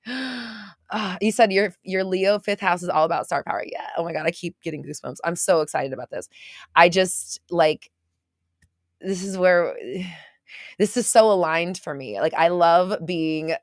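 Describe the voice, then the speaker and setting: A young woman hosting a mindset livestream, gushing and excitable as she chats to viewers and swears casually. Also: fairly low pitch, moderate pace, no echo, studio quality.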